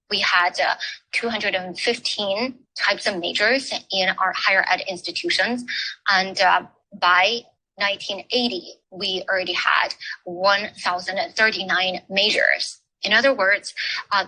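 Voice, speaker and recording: A woman lectures at an education forum in an unhurried, measured way. Her voice is bright and crisp. She stops often on fillers as she picks her next words. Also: mid-range voice, slight background noise, poor audio. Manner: halting, with frequent filler pauses. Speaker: forum speaker. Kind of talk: academic talk on education history.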